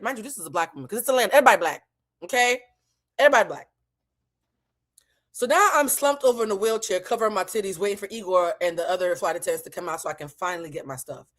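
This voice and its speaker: A woman from New England tells a wild travel story to her audience, swearing freely and putting on the voices of the people in it. Her voice sits a little low but swings up high when she gets worked up. The delivery is loose and casual. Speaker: host.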